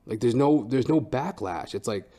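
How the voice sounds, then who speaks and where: A young man with a mellow, rounded voice rambles through a comic rant on his own podcast. He swears constantly and trips over fillers and restarts, sitting at a middling pitch. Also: expressive, moderate pace. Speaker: podcast host and stand-up comedian. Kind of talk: casual profane comedic rant.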